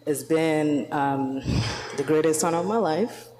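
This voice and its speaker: A woman's voice: low voice, a little slow, mellow, a little hiss or hum. A woman leaving the city council gives farewell remarks in an earnest way, trying to hold back her emotion. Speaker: outgoing city council member. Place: council chamber. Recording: reverberant council chamber.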